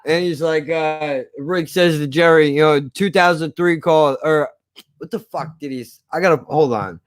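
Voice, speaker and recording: A man's voice: on the high side, moderate pace, no echo. Profane, rambling male streamer. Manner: rambling, profane, restarts often. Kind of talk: casual live-stream rant.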